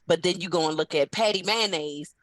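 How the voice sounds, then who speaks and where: A woman's voice: fairly low pitch, a little fast, dry recording. A woman co-hosting a podcast, talking in an impassioned, emphatic way in casual chat. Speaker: podcast co-host.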